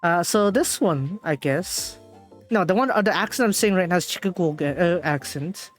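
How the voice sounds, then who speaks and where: A woman streaming a game, reading the dialogue aloud and translating it, with halting speech full of fillers and restarts. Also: lowish voice, lively intonation, soft background music.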